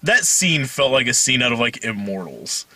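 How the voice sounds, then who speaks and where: A man's voice: mid-range voice, very animated, normal speed, bright, forceful tone, no echo. A man co-hosting a casual movie review chat, making wry, profane asides. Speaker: podcast co-host.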